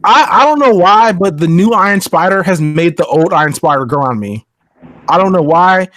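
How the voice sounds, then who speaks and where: A man hosting a podcast with a slightly high voice, talking in a brash, profane, hyped-up way. The sound is dry and close, with no room around him. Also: animated, normal speed, dry recording. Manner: loud, profane, hype-driven plugs. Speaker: podcast host. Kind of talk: casual podcast banter.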